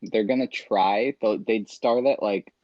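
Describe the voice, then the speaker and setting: A man's voice: fairly low pitch, unhurried, no echo. A young man co-hosting a casual podcast, answering with dry, sarcastic asides. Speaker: podcast co-host. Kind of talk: casual banter. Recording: dull, lo-fi sound.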